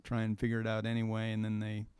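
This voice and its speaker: A man's voice: fairly low pitch, completely flat delivery, darkish tone, clean tone, no room sound. Rambling man co-hosting a movie podcast. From Chicago. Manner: rambling, halting restarts with many fillers. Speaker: podcast co-host. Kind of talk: casual movie review chat.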